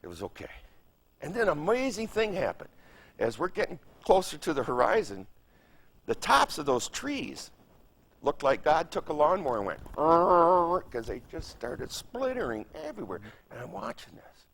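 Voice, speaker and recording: Recalling his veteran years in an oral history interview, a Michigan man in his seventies speaks at a moderate pace in a rather high, fairly bright voice that's gravelly and husky, with huge pitch swings. His storytelling is vivid and emphatic, full of repeated phrases and sound effects.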